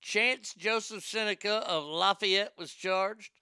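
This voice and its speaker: A man's voice: high voice, slow, bright, forceful tone, smooth, dry recording, studio quality. A man hosting a commentary show, talking bluntly and profanely, joking and reading posts aloud. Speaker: show host.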